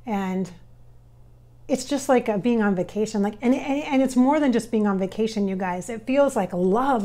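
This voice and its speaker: Woman medium chatting to viewers, warm mellow voice, lots of "like" and trailing off, drops quiet sometimes. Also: a little high. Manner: halting, filler-heavy, addresses viewers directly; often drops to soft, near-whispered asides. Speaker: spirit medium. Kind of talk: casual channeling session.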